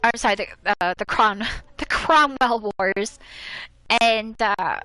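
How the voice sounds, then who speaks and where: A woman's voice: a little high, takes it slowly, bright, forceful tone, smooth, no room sound, low-quality recording. An American woman streaming a horror game, chatting casually, laughing often and reading items aloud. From United States. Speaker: gaming streamer. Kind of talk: casual let's-play chat.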